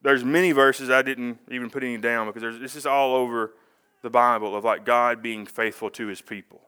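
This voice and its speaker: Chatty preacher with a bright voice. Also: male voice, mid-range voice, steady tone, brisk, clear, resonant tone. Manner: conversational, rambling with asides and self-corrections. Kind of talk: casual sermon.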